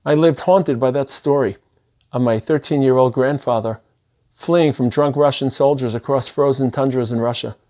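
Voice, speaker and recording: A man's voice: mid-range voice, steady tone, normal speed, a little mellow. A man, a rabbi who lives in Israel, giving an impassioned holiday sermon that builds through long spoken lists. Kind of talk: sermon-style speech.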